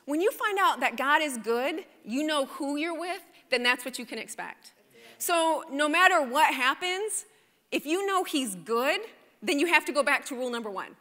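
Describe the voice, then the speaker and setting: A woman preaching a sermon at a church service, animated and conversational, often checking in with her listeners. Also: sits high, normal speed. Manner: animated, conversational, asks the congregation "right?". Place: church sanctuary. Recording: church hall reverb. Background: congregation responding.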